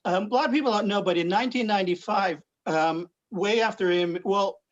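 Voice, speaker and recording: A man's voice: high-pitched, fairly quick. Rambling man on a muffled video call. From Philippines. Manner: rambling, many fillers and restarts. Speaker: guest comic book artist. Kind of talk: casual livestream chat. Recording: muffled lo-fi stream audio.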